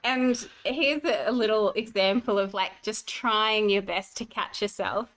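Woman, pregnant, podcast co-host, casual chat, lively storytelling. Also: medium pitch, a little slow, poor audio. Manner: animated storyteller, acts out quoted voices.

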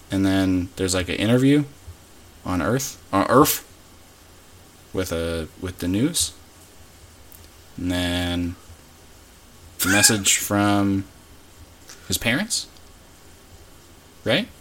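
A young man co-hosting a podcast, rambling and joking through a casual movie recap with lots of fillers. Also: lowish voice. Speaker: podcast co-host. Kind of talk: casual chat recapping a film. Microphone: podcast mic.

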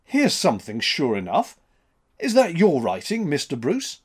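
A man voicing a gruff, skeptical male sea captain in a spoken story, brusque and commanding. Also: fairly high pitch, wildly swooping pitch, unhurried, heavily acted.

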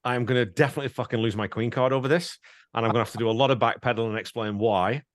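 A man's voice: mid-range voice, fairly even intonation, very fast. A man hosting a music podcast in casual chat, easygoing, who laughs often and swears in asides. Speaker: podcast host.

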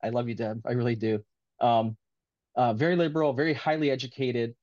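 A man's voice: mid-range voice, steady tone, brisk, a little mellow, no room sound, dull audio. A man being interviewed as an author, talking in an earnest, rambling, heartfelt way in casual conversation.

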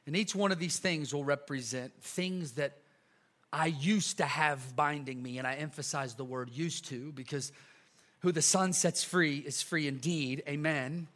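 A male pastor preaching a casual, energetic sermon to a church congregation, full of slang, repeats and asides. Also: a little high, a little slow. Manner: lively, chatty preaching with slang and repetitions. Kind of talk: sermon with a live illustration.

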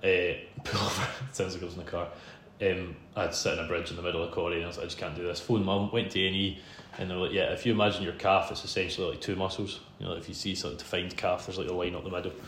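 A Scottish man tells a long personal story in a casual podcast chat. He is self-deprecating, laughs a lot, and sits a bit low in pitch. His voice rings in a roomy space over a faint hum. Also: level tone, rapid-fire, hardly any pauses, a bit bright. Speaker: podcast host interviewed as guest. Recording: roomy room sound with faint background hum.

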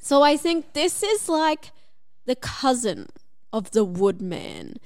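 A woman's voice: high voice, very animated, takes it slowly, darkish tone. A woman in casual chat, rambling playfully through a story about a wine.

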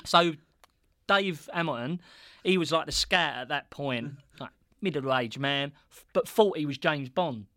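A man's voice: a little high, unhurried, a bit bright, no echo, studio quality. A man telling football stories in casual chat, laughing, swearing and acting out what people said. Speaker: guest storyteller, former footballer.

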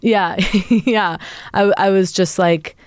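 A woman's voice: medium pitch, steady tone, takes it slowly, clean tone, dry recording, studio quality. A woman in her forties, chatting casually as a guest and rambling with lots of fillers. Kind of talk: casual conversation.

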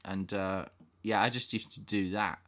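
A man from England chats casually, telling stories from his school days. His voice sits a little low but sounds bright and forward. He laughs often and slips into impressions. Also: steady tone, moderate pace. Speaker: podcast co-host. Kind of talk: casual chat.

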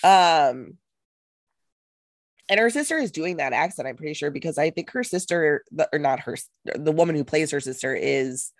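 A woman's voice: sits low, animated, normal speed, dry recording, studio quality. A woman co-hosting a casual podcast chat, easygoing and agreeable with hesitant fillers. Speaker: podcast co-host.

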